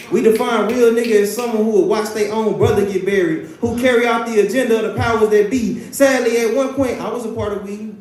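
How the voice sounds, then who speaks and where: An American man performing a spoken word poem at a live venue, rhythmic and building to shouts. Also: very high voice. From United States. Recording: echoey room from a stage mic.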